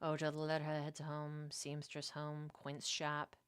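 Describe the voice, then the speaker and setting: Slow, low-voiced woman gamer muttering. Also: completely flat delivery, clean tone. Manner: easygoing, mutters to herself, casual swearing. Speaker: gaming channel host. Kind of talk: let's play commentary. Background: game music.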